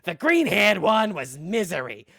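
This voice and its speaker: A man's voice: high-pitched, big pitch swings, a little slow, gravelly, a bit bright, no room sound, clean studio sound. A young man, a voice actor, reading novel narration aloud, building it up dramatically. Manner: dramatic, builds to big declamation.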